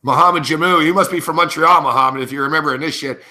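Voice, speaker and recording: Middle-aged guy hosting a betting show, swears a lot, brash and laughy, kinda high and really bright. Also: fast. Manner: profane, brash, laughing between lines. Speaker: sports betting show host. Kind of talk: casual storytelling to a live chat.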